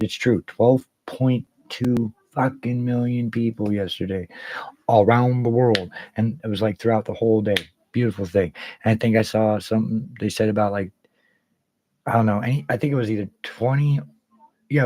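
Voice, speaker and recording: A man's voice: mid-range voice, normal speed, a little mellow, poor audio. A man hosting a casual livestream, rambling and swearing freely while greeting viewers by name. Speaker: livestream host.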